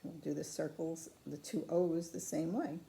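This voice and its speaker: Low gravelly woman teaching ceramic painting. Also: moderate pace. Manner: calm, patient, chatty instruction. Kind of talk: step-by-step craft demonstration. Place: craft studio.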